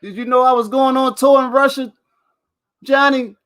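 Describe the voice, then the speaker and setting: Man, show host, high bright voice, boastful, playful, laughs a lot. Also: fairly even intonation, normal speed, clean tone. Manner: boastful and playful, laughs often, repeats "you know what I mean". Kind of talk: casual chat to the camera.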